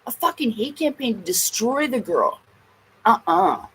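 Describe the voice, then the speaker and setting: A woman's voice: on the high side, very animated, a little slow, a bit bright, a little hiss or hum, low-quality recording. A woman vlogger in a casual ranting monologue, blunt and emphatic, swearing heavily.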